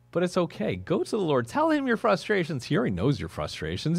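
A man's voice: high voice, wildly swooping pitch, fast, vocal fry, few pauses, dry recording. A man preaching a sermon as pastor of a church, talking in a conversational, earnest way that now and then rises into emphatic bursts.

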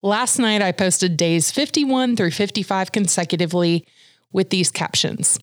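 A woman hosting a podcast, reading a reflective monologue in a gentle, unhurried, thoughtful way. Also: medium pitch, dry recording, clean studio sound. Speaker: podcast host.

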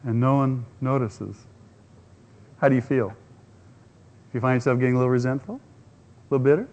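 A man's voice: mid-range voice, fairly even intonation, normal speed, a little mellow. A man preaching a sermon, using rhetorical questions and acting out quotes. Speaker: pastor.

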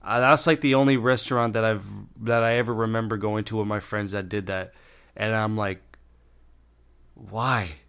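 A man's voice: on the low side, flat delivery, fairly quick, a bit bright, clear, resonant tone. A young man telling a story as a vlogger, rambling and exasperated, swearing freely. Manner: profane, exasperated, rambling with restarts. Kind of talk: storytime rant.

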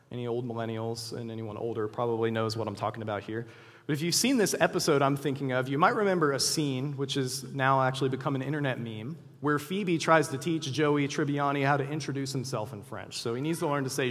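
A man preaching a sermon as pastor, earnest and animated, acting out quotes in lively voices. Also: medium pitch, a little fast, long reverb tail.

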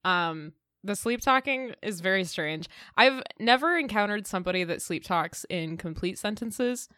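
A woman's voice: medium pitch, moderate pace, no echo, clean studio sound. A woman co-hosting a podcast, chatting casually and thinking aloud about an episode. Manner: relaxed, musing, with fillers. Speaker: podcast co-host. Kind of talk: casual chat.

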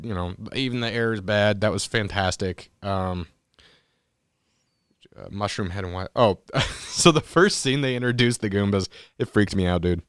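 Man for a loose podcast chat, animated and profane, smooth tone, dry recording. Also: lowish voice, no room sound. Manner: animated, swears freely, restarts often. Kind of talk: casual profane movie chat.

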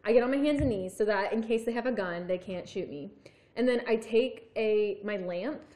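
A woman's voice: medium pitch, normal speed, mellow. A young woman from Arkansas co-hosting a casual chat, rambling and laughing often. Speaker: podcast co-host.

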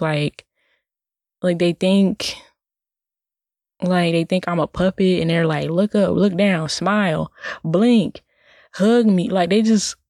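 A woman's voice: on the low side, darkish tone, dry recording. Indignant woman with a dry, close sound. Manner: indignant, rambling, many "like" fillers and restarts. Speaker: vlogger. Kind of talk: casual personal monologue.

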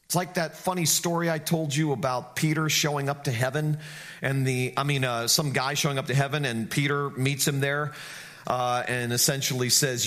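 A male pastor preaching a sermon with passion, dropping to a hush at key points. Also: mid-range voice, steady tone, normal speed. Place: church sanctuary.

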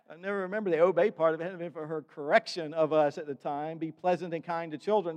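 An older man preaching a sermon with emphatic delivery that builds to loud exhortation. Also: a little high, quick pace, few pauses, long reverb tail. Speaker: pastor.

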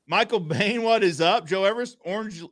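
A man's voice: high voice, brisk, a bit bright, no echo. A man hosting a podcast in casual live-stream chat, upbeat, greeting viewers and reading their comments aloud. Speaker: podcast host.

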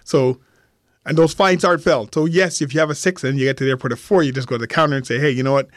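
A man's voice: medium pitch, rapid-fire, no room sound, studio quality. A man telling a story as a podcast guest, acting out the other people's lines as he goes. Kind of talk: animated storytelling. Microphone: remote call.

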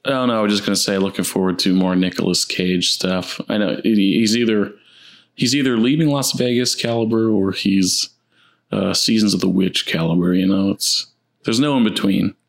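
Male co-host, low voice, halting casual talker who circles back on his words. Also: steady tone, gravelly. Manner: halting, repeats words while searching. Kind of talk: casual chat about movies.

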